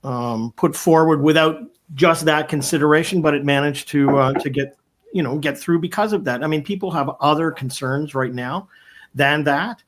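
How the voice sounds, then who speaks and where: A man's voice: a little high, moderate pace, a bit bright, slight background noise. A man on a political panel, talking conversationally with some hedging.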